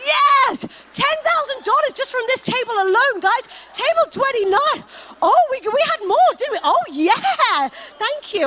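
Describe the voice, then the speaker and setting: Very high, bright-voiced gala auctioneer woman. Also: big pitch swings, a little hiss or hum. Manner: effusive, rapid-fire praise of donors, calling out amounts. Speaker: fundraising auctioneer. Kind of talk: live paddle-raise appeal at a gala. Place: gala event hall.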